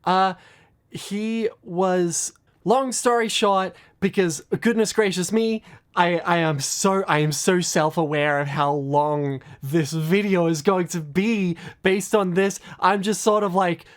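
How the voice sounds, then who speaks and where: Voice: mid-range voice, slow. Rambling, self-deprecating video creator. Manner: rambling, self-deprecating, many fillers and restarts. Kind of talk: casual commentary vlog.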